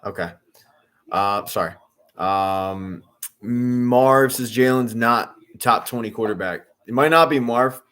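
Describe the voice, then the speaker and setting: A man's voice: mid-range voice, takes it slowly, fairly bright tone. A man in his thirties hosting a live football watch-along, talking casually and breaking into exasperated outbursts at bad plays. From Philadelphia area. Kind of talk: casual live-stream commentary.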